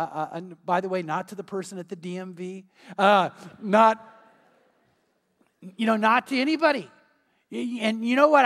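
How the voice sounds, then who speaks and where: A man preaching a sermon as pastor, earnest and emphatic, sometimes dropping to a quiet, intense tone. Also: high-pitched. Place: church sanctuary. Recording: long hall reverb.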